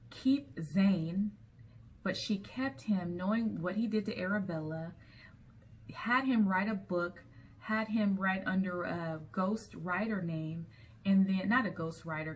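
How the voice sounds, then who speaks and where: A woman recapping a TV episode in a chatty storytelling way, with frequent ums as she goes. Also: medium pitch. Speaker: TV episode reviewer.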